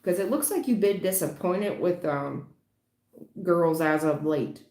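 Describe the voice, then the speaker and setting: A woman's voice: lowish voice, measured pace, darkish tone, echoey room. A woman doing a livestream tarot reading, blunt and emphatic, swearing casually as she lays out the cards. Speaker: tarot reader.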